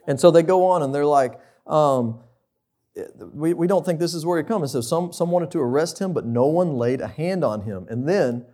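A man's voice: fairly high pitch, moderate pace, warm tone. A young man preaching a conversational sermon, asking the listeners questions.

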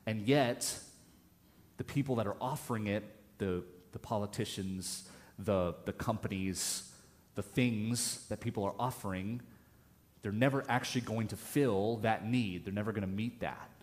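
Low-voiced pastor telling a story. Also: male voice, unhurried. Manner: casual, storytelling, many restarts. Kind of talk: conversational sermon. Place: church.

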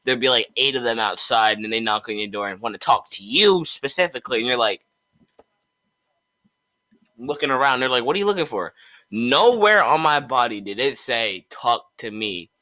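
A man's voice: medium pitch, normal speed. A young man co-hosting a casual podcast, joking around and slipping into mock voices. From United States. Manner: jokey, animated, slips into mock voices. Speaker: podcast co-host. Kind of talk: casual chat.

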